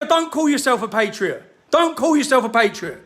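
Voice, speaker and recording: Angry man in his thirties, pitched very high, tense and cutting, ranting to camera with constant swearing. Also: sing-song, moderate pace. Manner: furious, shouting, heavy swearing.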